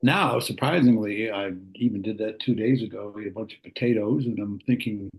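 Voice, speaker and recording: Man, video-call caller, rambling testimonial, keeps clearing his throat. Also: lowish voice, a little fast, rough recording. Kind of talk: casual testimonial.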